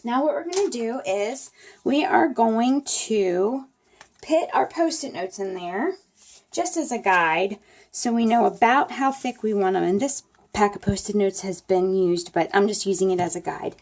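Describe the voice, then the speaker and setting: A middle-aged woman with a medium-pitched voice chats unhurriedly and folksily to viewers in a casual tutorial. She demonstrates a paper craft at her table as she talks.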